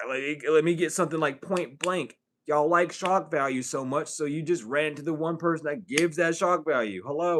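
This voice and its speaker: Guy doing a loose tarot reader vlog, cusses a lot, laughs between thoughts, swings from loud to hushed. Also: on the high side, slight background noise. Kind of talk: casual spiritual vlog monologue.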